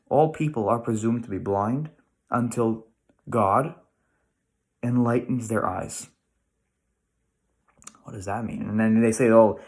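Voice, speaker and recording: A middle-aged American man gives a relaxed Torah lesson straight to his listeners. He talks in a mid-range voice, thinking aloud with restarts and frequent rhetorical questions. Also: medium pitch. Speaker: rabbi teaching weekly Torah lesson. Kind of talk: casual Torah lesson to camera.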